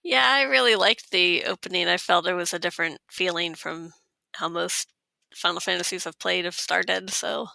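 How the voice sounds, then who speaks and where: A woman's voice: on the low side, moderate pace, creaky, bright, forceful tone, no echo, poor audio. A woman on a podcast panel, chatting casually and enthusiastically about a game.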